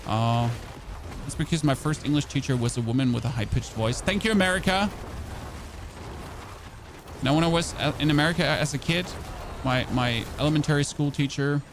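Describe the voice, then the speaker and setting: A man's voice: on the high side, moderate pace, pauses often, background noise. Chatty German-native man streaming. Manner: rambling, chatty, self-mocking, with restarts. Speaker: game streamer. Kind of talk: casual chat with live chat.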